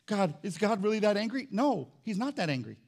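A man preaching a lively sermon as pastor in a church, swinging between shouts and low asides. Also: fairly quick, vocal fry. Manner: animated, shouts and drops low, playful asides. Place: church sanctuary.

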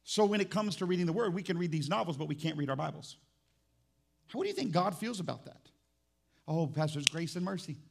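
High, gravelly-voiced man preaching a sermon. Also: fast talker. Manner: animated, swings between quiet asides and loud emphatic lines; conversational, teasing the congregation. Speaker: pastor. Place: church.

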